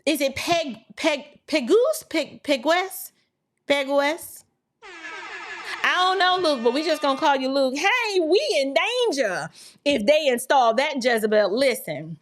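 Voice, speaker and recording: A woman's voice: sits high, lively intonation, normal speed. A woman hosting an opinion podcast, talking emphatically and preachily with rhetorical questions, and reading viewer chats. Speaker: podcast host.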